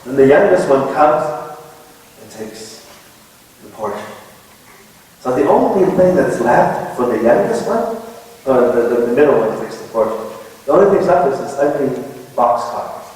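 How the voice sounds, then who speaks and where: A man's voice: medium pitch, animated, moderate pace, pauses often, darkish tone. A man giving a casual, conversational Islamic lecture, telling a family story with many restarts and rhetorical questions. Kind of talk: storytelling sermon. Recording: echoey hall, speaker far from mic.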